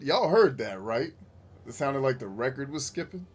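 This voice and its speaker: A man hosting casual gameplay commentary, joking crudely and yelling at characters on screen. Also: mid-range voice, sing-song, normal speed, slightly rough. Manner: crude, goofy joking, shouting at the game. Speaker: gaming channel host.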